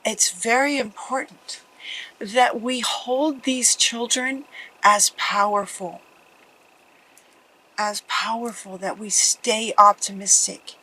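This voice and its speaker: A woman reading tarot cards for viewers, earnest and tender, often halting and restarting mid-sentence. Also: mid-range voice, sharp tone, poor audio. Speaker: tarot card reader. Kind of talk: pick-a-card tarot reading.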